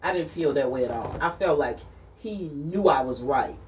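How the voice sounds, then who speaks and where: A woman co-hosting a casual advice chat, telling stories in an animated, sassy way. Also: low-pitched, normal speed, recorded from a distance, background noise. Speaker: co-host.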